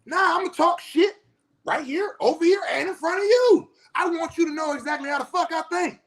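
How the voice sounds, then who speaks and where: A spiritual teacher and counselor delivers an impassioned, profane monologue in a very high, brisk voice. He speaks AAVE and is fired up, passionate and blunt, swearing heavily and rising to shouts.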